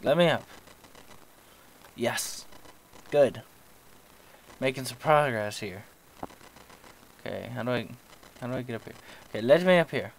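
A man's voice: mid-range voice, animated, measured pace, gravelly, pauses often, slight background noise, low-quality recording. A young man commentating his own horror gameplay, talking to himself with jokes and yelping when startled. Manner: jumpy, yelps when startled, jokey self-talk. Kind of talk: horror game let's play commentary.

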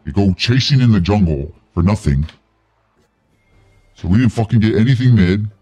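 Deep husky man ranting at teammates. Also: animated, moderate pace, dark tone, faint music behind. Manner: angry profane ranting at teammates. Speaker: streamer. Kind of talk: live gameplay commentary.

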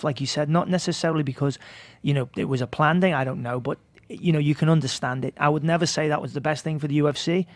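A man's voice: on the high side, no echo. A man talking on a casual podcast as a guest, reasoning his points out at length in a thoughtful way. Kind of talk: casual chat.

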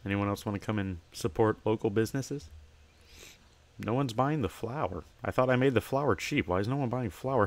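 A man's voice: mid-range voice, lively intonation, moderate pace, dry recording. A young man giving casual gameplay commentary, chatting to himself and breaking into playful, chirpy shopkeeper greetings to customers. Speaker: gamer.

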